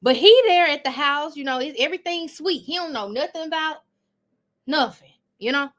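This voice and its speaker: Woman hosting a live reaction stream from home, high bright voice, keeps cracking up and talking to chat. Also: normal speed. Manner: loud laughing, animated, talks to viewers. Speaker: commentary host.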